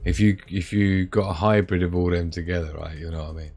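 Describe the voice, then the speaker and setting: A man's voice: deep voice, flat delivery, fast talker, darkish tone, faint music behind. A man hosting a live stream, chatting to viewers in a rambling, casual way. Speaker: livestream host.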